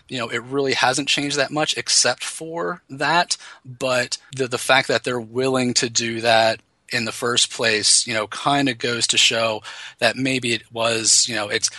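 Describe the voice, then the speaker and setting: A man's voice: mid-range voice, little pitch movement, a little slow, bright, forceful tone, dry recording. A man co-hosting a casual podcast chat, rambling with lots of restarts and "you know what I mean". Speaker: podcast co-host.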